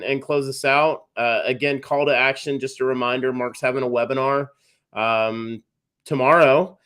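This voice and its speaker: A man hosting a live stream, relaxed, reading out viewer comments and thanking guests with many fillers. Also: medium pitch, moderate pace, clean tone. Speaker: host.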